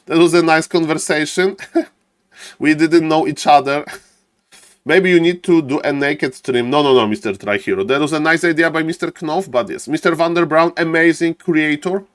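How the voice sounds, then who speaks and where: A man who is not a native English speaker, casting a game live on stream in a showy way, chatting with viewers and greeting them warmly. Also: on the high side, moderate pace, no echo, clean studio sound. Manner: showman-like, keeps repeating "ladies and gentlemen". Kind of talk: live esports commentary.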